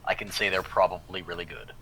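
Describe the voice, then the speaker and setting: A man's voice: deep voice, steady tone, fast talker, bright, forceful tone, slight background noise, poor audio. A young man making dry, wry remarks in casual chat beside someone playing a video game. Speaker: co-commentator on a game stream. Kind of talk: casual gameplay commentary.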